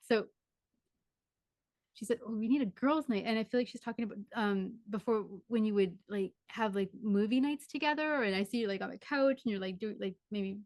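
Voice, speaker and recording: Fast-talking medium woman, dry sound. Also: medium pitch, a little mellow, no echo. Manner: rambling, full of "like" and restarts. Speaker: spiritual medium. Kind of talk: live mediumship reading.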